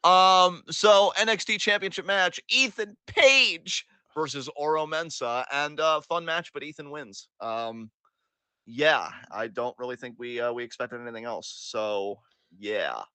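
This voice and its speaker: A man's voice: on the high side, measured pace, clear, resonant tone, no echo. A man co-hosting a wrestling podcast, chatting casually and profanely, gleefully acting out what wrestlers said. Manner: excitable, profane, gleeful, acts out quotes. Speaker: podcast co-host. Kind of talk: casual wrestling recap chat.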